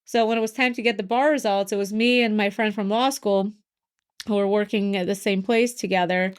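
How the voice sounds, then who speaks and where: A woman's voice: mid-range voice, fairly even intonation, a little fast, smooth. Earnest woman lawyer hosting a podcast. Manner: earnest storytelling, self-deprecating. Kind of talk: casual podcast chat.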